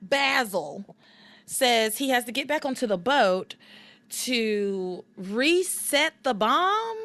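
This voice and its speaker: A woman hosting a casual recap podcast, chatty and animated, laughing often and restarting her sentences. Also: a little high, slow, no echo. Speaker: podcast host.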